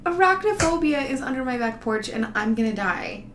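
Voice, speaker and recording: A woman's voice: on the high side, fairly even intonation, a little fast. A woman talking in a loose, meandering, profane way, giggling as she vlogs casually to her viewers. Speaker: vlogger. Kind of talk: casual rambling monologue. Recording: roomy echo, faint background noise.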